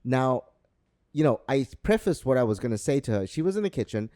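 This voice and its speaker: A man co-hosting a podcast, telling a long story in a rambling, halting way. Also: medium pitch, big pitch swings, dark tone, no room sound, clean studio sound. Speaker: podcast co-host. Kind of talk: casual chat.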